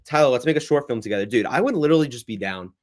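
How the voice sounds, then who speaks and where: A young man hosting a casual livestream Q&A, rambling and reacting to the chat in a lively, chatty way. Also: medium pitch, rapid-fire. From United States. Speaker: livestream host.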